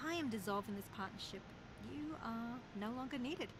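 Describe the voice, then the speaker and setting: A woman plays a cold, scheming woman in a video game. She speaks curtly and quickly in a fairly high voice, with crowd noise clearly behind her. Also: expressive, natural voice. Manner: curt, clipped.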